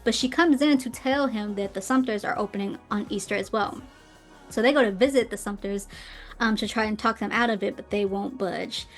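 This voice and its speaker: Chatty woman recapping a film. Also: medium pitch. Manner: chatty, with many fillers and quick asides. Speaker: podcast host. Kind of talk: casual film recap commentary. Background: faint intro music.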